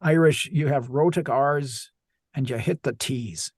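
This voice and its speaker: A man who narrates audiobooks chats on a podcast in a mid-pitched voice. He thinks aloud, restarting phrases as he hunts for the right word. The sound is close and dry, with no room around it. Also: measured pace, darkish tone, dry recording. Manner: thoughtful, searching for words with frequent restarts. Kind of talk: casual podcast chat.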